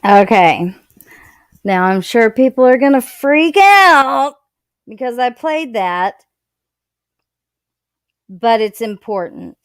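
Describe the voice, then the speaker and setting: A woman's voice: on the high side, big pitch swings, slow, long pauses, clean tone, dry recording, clean studio sound. A woman giving casual commentary who hesitates and searches for her words. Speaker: commentary streamer.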